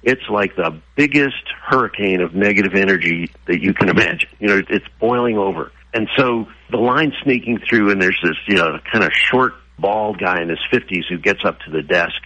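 Casting: very low, husky male guest on a dry, dull radio line, lively storyteller. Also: normal speed, few pauses, no room sound. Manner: animated, acts out quoted voices. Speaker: guest, horse trainer. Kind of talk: storytelling interview answer.

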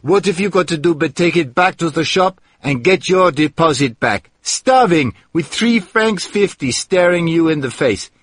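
A man voicing a loud, excitable Frenchwoman who shouts insults in a storybook reading. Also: medium pitch, measured pace, breathy edge, no echo, studio quality. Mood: furious. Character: loud excitable scolding Frenchwoman, heavy and stout.

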